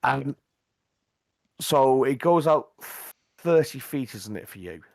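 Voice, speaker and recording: A man narrating as game master, hesitant and full of pauses. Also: mid-range voice, expressive, vocal fry, a little mellow, no echo. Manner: hesitant, full of ums and restarts.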